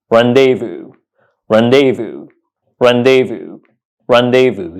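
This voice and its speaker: A man teaching English pronunciation, repeating each word slowly and putting questions to his viewers. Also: mid-range voice, a little mellow. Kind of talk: slow, deliberate pronunciation lesson.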